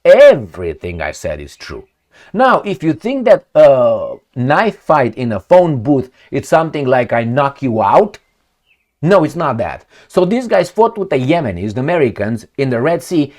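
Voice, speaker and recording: A man's voice: on the high side, darkish tone. A man with a non-native accent hosting an opinionated commentary vlog, firing rhetorical questions at the viewer in a ranting way. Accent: non-native accent of English. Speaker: political commentary host.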